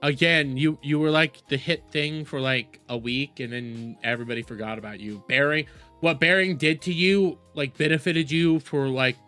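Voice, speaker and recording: A man hosting a stream, mocking a clip in sarcastic reaction commentary that swings from loud outbursts to low mutters. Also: normal speed, soft background music.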